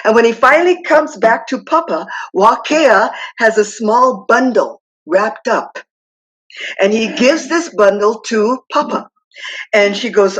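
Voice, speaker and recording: A woman from Hawaii telling a traditional myth slowly and dramatically as a guest speaker. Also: on the high side, expressive, rough recording. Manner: slow, dramatic storytelling that acts out the characters.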